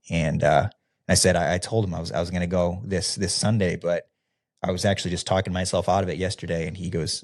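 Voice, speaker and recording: Talking quickly in a deep, low voice, a Midwestern man who used to be a youth pastor shares his own story on a podcast. His delivery is loose, relaxed and candid, peppered with fillers, and he frequently performs the conversations he remembers.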